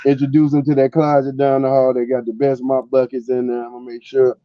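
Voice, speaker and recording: A man's voice: medium pitch, completely flat delivery, fast talker, no room sound. Blunt, profane male podcast co-host. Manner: blunt, profane, laughs while talking. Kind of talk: casual chat. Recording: dull dry lo-fi sound.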